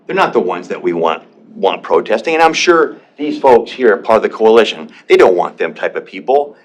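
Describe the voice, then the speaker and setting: A man's voice: fairly low pitch, very animated, brisk. A man speaking in public comment at a county board meeting, emotional and defensive, often repeating himself and restarting. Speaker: public commenter, veteran and business owner.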